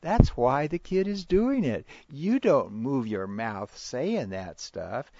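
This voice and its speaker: Gravelly man explaining parenting. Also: mid-range voice, very animated, mellow, dry recording. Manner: halting, with restarts and chuckles. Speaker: parenting educator. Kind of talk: interview answers. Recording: dry, muffled lo-fi recording.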